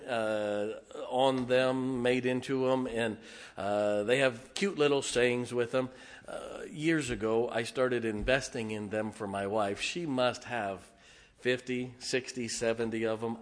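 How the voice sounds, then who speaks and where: A middle-aged man, a pastor giving a folksy sermon full of jokes and heartfelt asides. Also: mid-range voice. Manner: folksy, joking, emotional asides, frequent uh fillers. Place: church sanctuary.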